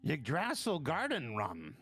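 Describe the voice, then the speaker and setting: A man's voice: on the high side, wildly swooping pitch, measured pace, fairly bright tone, breathy edge, no echo, pitched above the performer's own voice, full character voice. A man voicing a fussy gnome dock officer in a tabletop game, speaking in a raised, officious voice.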